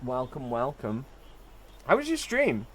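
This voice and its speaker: Lively, joking male game streamer. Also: mid-range voice, unhurried, a little hiss or hum. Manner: joking, teasing banter with occasional swearing. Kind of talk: casual live-stream chat while playing.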